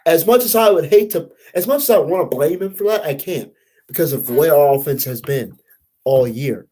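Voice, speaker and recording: A man's voice: a little high, moderate pace, dark tone, husky, rough recording. A young man hosting a casual sports podcast, venting in a frustrated, profane, rambling way. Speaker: podcast host.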